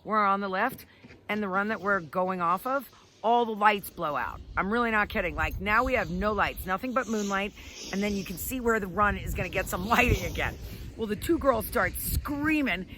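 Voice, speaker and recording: A woman ski instructor telling a story outdoors on a ski slope, animated and laughing often. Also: medium pitch, moderate pace, slight background noise. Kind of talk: casual storytelling.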